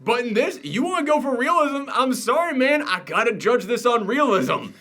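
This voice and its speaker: A man's voice: very high voice, lively intonation, normal speed, sharp tone. A man hosting a casual movie review chat, joking and emphatic as he rants. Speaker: show host.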